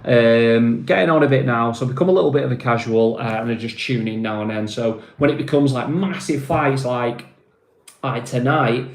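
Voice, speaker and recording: A man with a Mancunian accent chats casually on a live stream. He rambles, fills gaps with ums and uhs, and keeps calling his viewers mate. His mid-pitched voice sits in a noticeably roomy, echoing space. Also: expressive, moderate pace. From Manchester, England. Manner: rambling, filler-heavy, calls viewers mate.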